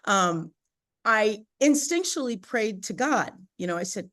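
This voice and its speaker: A woman as a podcast guest, telling a personal story in animated, chatty conversation with frequent fillers. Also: fairly high pitch, measured pace. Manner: animated, chatty, laughs often, many "you know" and "right?" fillers.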